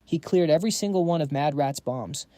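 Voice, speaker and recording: A man voicing a calm, cautious veteran male agent in a comic recap. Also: on the high side, a little fast, dry recording, close to an everyday voice. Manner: calming.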